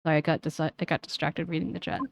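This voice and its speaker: A woman's voice: deep voice, quick pace, gravelly, dry recording. A woman streamer casually chatting between reading game lines. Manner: relaxed, chatty asides. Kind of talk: casual chat over gameplay.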